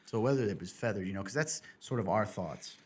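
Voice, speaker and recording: A man's voice: fairly low pitch, expressive, fairly quick, slightly rough. A man in casual podcast chat, a pastor and host who tells stories in a rambling way, with many restarts.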